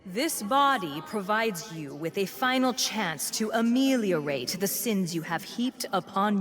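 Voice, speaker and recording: An actress playing a stern female inquisitor who pronounces judgment in slow, formal, menacing speech. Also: lowish voice. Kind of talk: video game voice acting.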